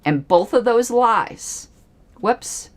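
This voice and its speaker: Indignant woman ranting, lively pitch. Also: drawn-out words. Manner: emphatic and indignant, with pointed repetitions. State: angry. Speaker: livestream host. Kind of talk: angry political livestream commentary.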